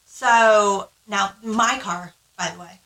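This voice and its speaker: As a podcast co-host, she shares her story casually and frankly, swearing freely and voicing what people said. Her mid-range voice is slow with a fairly bright tone, captured on poor audio in an echoey room.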